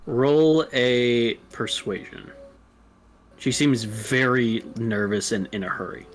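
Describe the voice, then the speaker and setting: A man's voice: mid-range voice, slow pace, a little hiss or hum, rough recording. A young man narrating as dungeon master in a casual, joking way. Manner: casual, swears, plays the townsfolk lines himself. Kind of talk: narrating a tabletop game.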